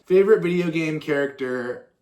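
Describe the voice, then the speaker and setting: A man's voice: on the high side, moderate pace, darkish tone. A young man, a musician and content creator, answering fan questions in a casual chat, rambling with plenty of swearing and tangents. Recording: roomy echo.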